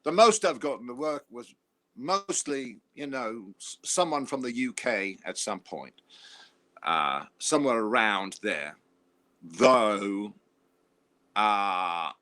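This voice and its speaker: Brief: male guest with a bright voice, loose and talkative. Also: on the low side. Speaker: guest comedian. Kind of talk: casual chat.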